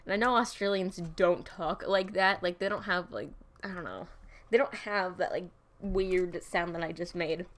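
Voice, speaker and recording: A woman's voice: on the low side, moderate pace. A woman chatting casually over her gameplay, rambling and often putting herself down. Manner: rambling and self-deprecating. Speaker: gaming video host.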